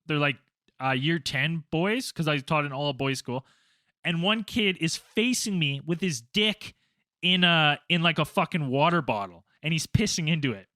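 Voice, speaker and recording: A man with a high, bright voice spins a crude story in casual podcast chat, swearing freely and raising his voice to act out what people said. The sound is close and dry. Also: normal speed, no room sound. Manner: animated, profane, acts out quotes loudly. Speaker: podcast co-host.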